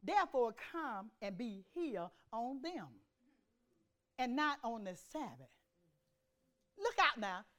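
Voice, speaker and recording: Woman preacher, high and animated, calling and answering with her congregation. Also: takes it slowly, long pauses. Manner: call-and-response preaching, swings from loud to hushed. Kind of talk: sermon. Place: church.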